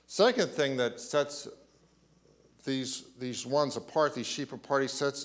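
A man preaching a sermon, asking rhetorical questions and often clearing his throat. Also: mid-range voice, slow pace. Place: church.

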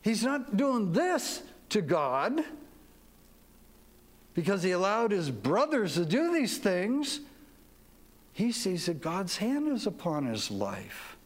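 Slow, animated male pastor preaching. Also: high voice. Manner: folksy, asks the congregation to repeat after him. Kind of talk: sermon.

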